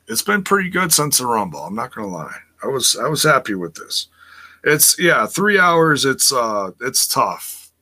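Bright-voiced man rambling on a live stream. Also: lowish voice. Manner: rambling, repeats words, laughs easily. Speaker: wrestling podcast host reading chat. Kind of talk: casual live-stream chat.

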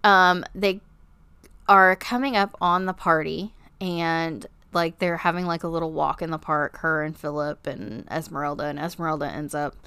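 A woman's voice: deep voice, moderate pace, sharp tone, clean tone, no echo. A woman co-hosting a casual book podcast, retelling a plot loosely, with lots of swearing and fillers. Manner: loose, filler-heavy storytelling. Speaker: podcast co-host.

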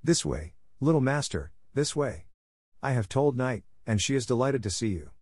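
A man reading the part of a scheming female house cat in an audiobook, speaking softly and coaxingly. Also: mid-range voice, sing-song, moderate pace, no echo, clean studio sound, pitched above the performer's own voice. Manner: soft, coaxing.

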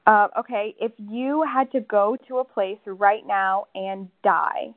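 A woman's voice: mid-range voice, slow, no room sound. A woman interviewing a guest in a casual chat, asking curious, playful questions. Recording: dry phone-like audio.

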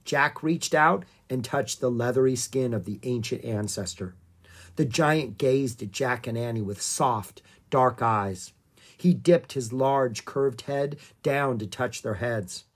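An audiobook narrator reading a children's story aloud in a calm, expressive way. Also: medium pitch, slow.

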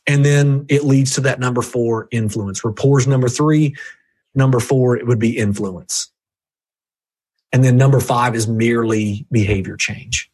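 A man with a very husky, rough-edged voice talks in an emphatic coaching style, his pitch leaping up and down as he drives each point home. His voice sits at a middling pitch. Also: a little mellow. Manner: emphatic, jumpy pitch, direct address to listener. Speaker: guest reviewing a book on sales. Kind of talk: energetic coaching talk.

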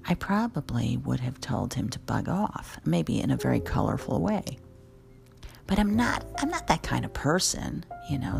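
Low, gravelly woman telling a story. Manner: candid, wry, animated storytelling. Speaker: caterer and event planner. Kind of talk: casual storytelling monologue.

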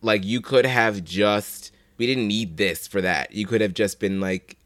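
A man's voice: lowish voice, steady tone, a little slow, a bit bright, no echo. A man co-hosting a podcast who gives blunt, profane, sarcastic commentary. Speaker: podcast co-host. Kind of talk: casual recap chat.

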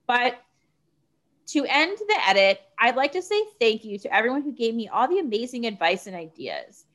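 A woman reading a written post aloud in a steady, measured way. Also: on the high side.

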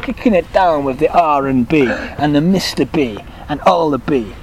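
A man's voice: fairly high pitch, expressive, moderate pace, background noise. A young man co-hosting a podcast, rambling and laughing through crude casual chat. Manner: rambling, giggly, jokey. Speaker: podcast co-host.

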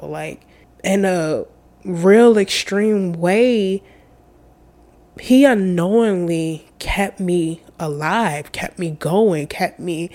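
A young woman telling a personal story in an earnest, halting way, tearful and full of fillers. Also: fairly low pitch, a little mellow.

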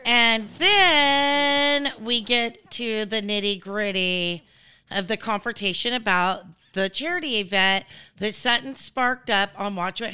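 A woman's voice: mid-range voice, bright, forceful tone, smooth. A woman hosting a podcast, recapping a show in a chatty, blunt, profane way that wanders off on tangents. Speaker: podcast host. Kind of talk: casual recap commentary.

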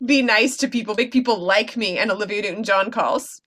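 A woman's voice: medium pitch, a little fast, fairly bright tone. A young woman co-hosting a podcast, recapping a TV episode with enthusiastic asides and lots of fillers. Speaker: podcast co-host. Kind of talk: casual chat recapping a TV episode.

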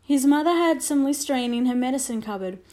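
Mellow-voiced woman reading a children's story. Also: high voice. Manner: measured, expressive reading. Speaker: narrator.

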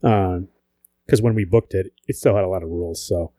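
A man's voice: low-pitched, a little fast, no room sound. A man co-hosting a podcast in casual chat, joking and swearing as he tells stories. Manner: profane, joking, animated storytelling. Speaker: podcast co-host.

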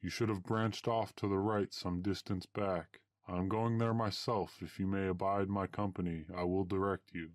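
A man's voice: deep voice, fairly even intonation, moderate pace, hardly any pauses, no room sound, clean studio sound, natural voice. A man voicing a tall, secretive masked stranger of the woods, speaking unhurriedly. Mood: calm.

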